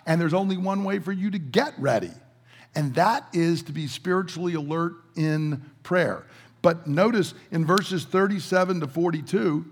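A male pastor preaching a sermon, animated, acting out quotes and asking rhetorical questions in a church sanctuary. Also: a little high. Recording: long reverb of a large hall.

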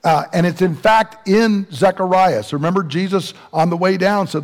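Preacher with hall echo. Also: male voice, high voice. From American South. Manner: earnest, rising questions and slow emphatic drops. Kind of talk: sermon. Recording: long hall reverb.

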